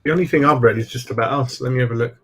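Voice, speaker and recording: Casual male fan-channel host with a mid-pitched voice, chatty and rambling, always saying "mate.". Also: very fast, fairly bright tone, husky. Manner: rambling, replies to viewers mid-stream. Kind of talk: casual live-stream chat.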